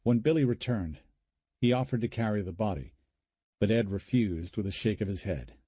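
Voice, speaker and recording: Low, dark, husky male narrator. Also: no room sound. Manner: measured, even storytelling. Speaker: audiobook narrator. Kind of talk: scripted narration.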